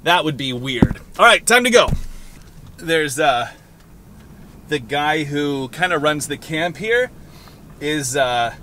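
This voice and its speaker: A man's voice: fairly high pitch, lively intonation, slow, pauses often, pushed and bright, a little hiss or hum. A man in his thirties vlogging casually to a handheld camera from his car, rambling and joking. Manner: rambling, playful, jokey.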